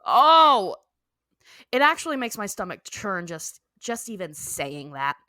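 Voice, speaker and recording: Brief: young woman podcast co-host, bright voice, dry close sound, giggly storyteller who acts out the lines. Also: mid-range voice, sing-song, a little slow, no echo. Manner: laughs often, acts out characters' lines while retelling. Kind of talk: casual chat recapping a cartoon episode.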